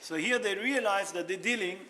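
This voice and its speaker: Rabbi type, high bright voice, lively storyteller. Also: male voice, brisk. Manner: animated, mixes Hebrew and Yiddish terms, non-native grammar. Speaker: rabbi teaching a class. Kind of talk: informal Torah class storytelling.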